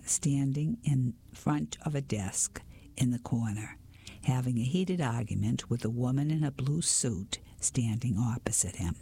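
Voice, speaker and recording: Male whisper narrator, gravelly and husky, storybook reading. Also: mid-range voice. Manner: slow, hushed reading with small slips. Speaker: reader.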